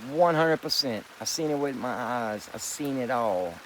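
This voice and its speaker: A man's voice: medium pitch, expressive, normal speed, a little hiss or hum, low-quality recording. A middle-aged man, rambling through a profane, insistent vlog monologue. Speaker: vlogger.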